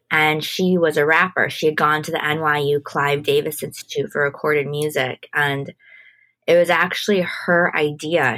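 A young adult woman, a guest in an interview, telling her story in a relaxed, casual way with frequent "like". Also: low voice. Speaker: guest, entertainment manager.

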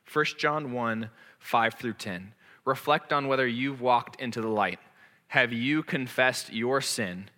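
A man in his thirties preaches a sermon as a pastor, earnest, candid and self-deprecating. His medium-pitched voice is bright and forceful, and he takes it slowly. The recording carries the long, echoing reverb of a large hall.

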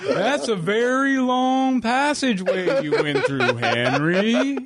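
A man doing a mocking impression of Robin Hood as an overly chummy adult man, drawn out and slow, with laughter running through it. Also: extremely high pitch, lively intonation, over a noisy crowd, pitched above the performer's own voice, heavily acted. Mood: teasing.

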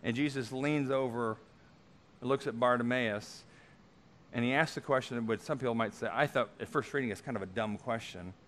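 A man preaches a sermon in a voice of ordinary pitch for a man. He builds to loud, emphatic stretches, then drops into quiet, casual asides. He often thinks aloud as he goes. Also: moderate pace, slight background noise. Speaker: pastor.

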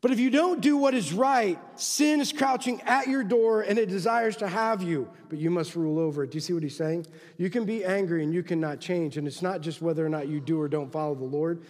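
A man preaching in a church with a high, ringing voice. He drives his points hard, then drops to quiet asides, and the sound trails off in the long reverb of a big hall. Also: brisk, hardly any pauses. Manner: emphatic, swings from loud exhortation to quiet asides. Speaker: pastor. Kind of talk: sermon.

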